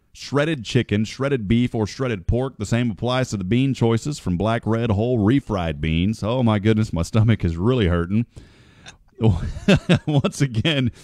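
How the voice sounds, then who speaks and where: A man's voice: mid-range voice, darkish tone, dry recording, clean studio sound. A man hosting a morning radio show, chatting in a folksy, joking way and calling people "brother" and "man". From United States. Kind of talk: casual radio chat.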